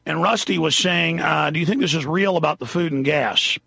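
A man's voice: fairly high pitch, fairly quick, gravelly, pushed and bright, husky, dry recording, highs cut off. A man hosting a call-in radio talk show, rambling and losing his train of thought as he goes.

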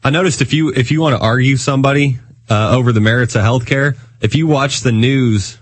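A man's voice: medium pitch, a little fast, dry recording. A man co-hosting a talk radio show, giving wry, dismissive comments. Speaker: co-host.

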